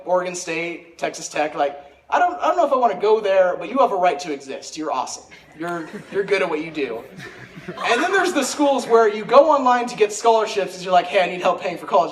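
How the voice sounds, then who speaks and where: A teenage boy performing a stand-up comedy routine at a school talent show, telling rambling, self-mocking stories with quick asides. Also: high-pitched. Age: teens. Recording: echoey hall recording from far off, crowd laughing. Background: audience laughter.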